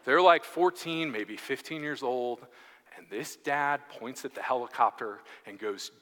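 A man in his thirties preaches in a chatty, self-deprecating way, spinning a funny story for his congregation. His voice sits a little high and rings bright and lively. It carries a long echo through a church hall. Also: brisk. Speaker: guest preacher. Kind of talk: humorous sermon storytelling. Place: church sanctuary.

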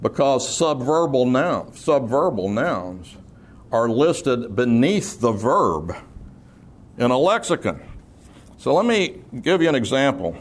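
A man's voice: medium pitch, big pitch swings, takes it slowly. A man preaching an expository sermon, explaining terms patiently, repeating key words and slipping in dry humor. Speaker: preacher teaching scripture.

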